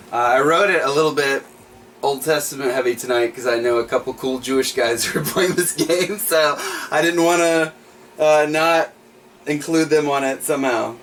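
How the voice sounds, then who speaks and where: A man's voice: on the high side, fairly bright tone, recorded from a distance, a little hiss or hum. A man hosting a livestreamed trivia night, reading each question twice and chatting with small laughs in between.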